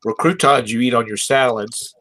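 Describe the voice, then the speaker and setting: A man's voice: medium pitch, normal speed, pushed and bright. Guy on a video call, mid voice, asks questions, teases a bit. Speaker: reseller on a group call. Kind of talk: casual chat.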